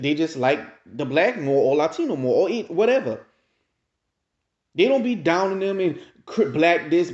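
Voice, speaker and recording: In a roomy, dull lo-fi recording, a commentary channel host with a fairly high, slightly mellow voice gives casual reactions. He rants with emphasis and addresses his viewers directly.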